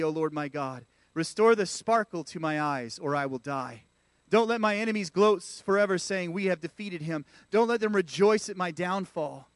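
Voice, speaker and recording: A man's voice: high voice, no echo. A man preaching a sermon in a church, calling out to the congregation. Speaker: pastor.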